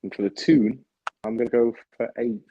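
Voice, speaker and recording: A man's voice: mid-range voice, steady tone, normal speed, highs cut off, a little hiss or hum. A man co-hosting a live football fan watchalong, confidently rattling off his predictions for the season. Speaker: fan channel co-host. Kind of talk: live match watchalong chat.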